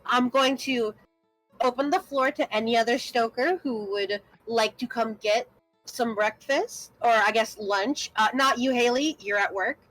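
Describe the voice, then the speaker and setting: A young woman running a tabletop role-playing game as game master, setting scenes in a relaxed, explanatory way. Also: fairly high pitch, measured pace, dry recording, soft background music, rough recording.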